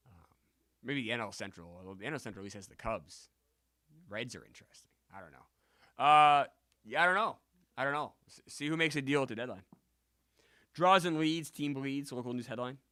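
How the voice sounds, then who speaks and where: A man streaming a basketball video game, chatting and bursting into loud yelled celebrations, sometimes out of breath. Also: mid-range voice, animated, a little fast, pauses often, no room sound. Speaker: gaming streamer. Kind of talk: excitable gameplay commentary.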